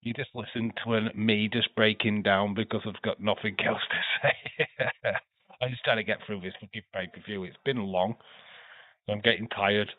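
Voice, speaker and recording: A man's voice: on the low side, fairly even intonation, normal speed, no echo. A man giving casual, chatty running commentary as a streamer, swearing and laughing along. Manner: chatty, profane, laughs often. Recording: tinny phone-like dry sound.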